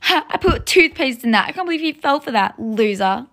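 A mischievous young boy, voiced by a woman in a toy-game role-play. His voice is high and loud. He is eager, pushy and always plotting pranks. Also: expressive, a little fast.

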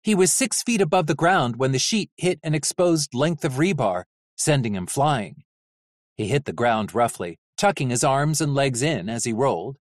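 An audiobook narrator reading a novel in an expressive, animated way. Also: medium pitch, normal speed, no echo, clean studio sound.

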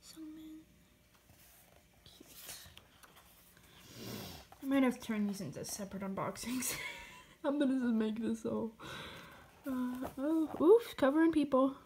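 A woman's voice: high voice, unhurried, pauses often, mellow, slight background noise. A young woman gushing through an unboxing vlog, often dropping to a whisper. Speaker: vlogger.

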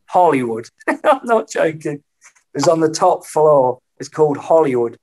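Animated man telling stories. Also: fairly high pitch, unhurried, slight background noise. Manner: animated anecdotes, acting out quoted voices. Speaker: podcast guest. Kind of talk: storytelling in a casual interview.

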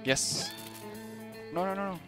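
A man giving excitable let's play commentary, swearing and letting out sudden shouts. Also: high voice, unhurried, loud music behind the voice. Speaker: gamer.

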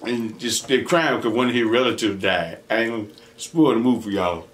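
A man's voice: medium pitch, brisk. A young man hosting an eating show at home, telling stories casually between bites, laughing often and acting out what others said. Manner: animated, laughs often, acts out quoted voices. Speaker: mukbang host. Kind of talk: casual storytelling while eating.

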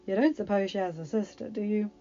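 A woman's voice: mid-range voice, steady tone, moderate pace, mellow, natural voice. A woman voicing a wry, teasing palace captain who gives a prince fatherly advice. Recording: dull lo-fi recording, faint music.

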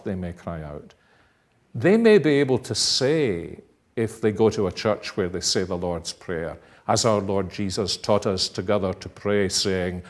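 Slow, deep-voiced male preacher. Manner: deliberate, emphatic preaching with dramatic cries. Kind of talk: sermon.

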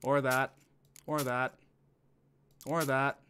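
A man's voice: medium pitch, little pitch movement, extremely slow, bright, forceful tone, a little hiss or hum. Man swearing through a game stream. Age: 20s. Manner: chatty, swears freely, thinks aloud while playing. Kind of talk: casual gameplay commentary.

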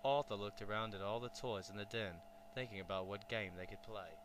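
A man narrating a children's storybook in a lively, expressive way. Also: lowish voice, brisk, noisy background. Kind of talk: storybook reading.

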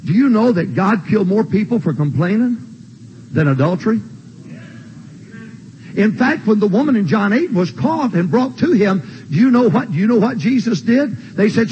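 An older man preaching a sermon in a church, emphatic and repetitive, with shouted refrains. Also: extremely high pitch, animated, brisk, dull audio. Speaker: pastor. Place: church sanctuary.

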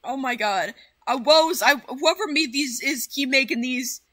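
A woman streamer chatting casually, excitable and full of swearing as she rambles. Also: sits high, unhurried. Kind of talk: casual livestream chat.

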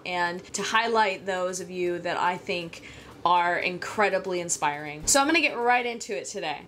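A woman's voice: medium pitch, fairly bright tone, a little hiss or hum. A woman hosting her own fitness vlog, chatting casually in an upbeat, gushing way with small restarts. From United States. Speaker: fitness vlogger and channel host.

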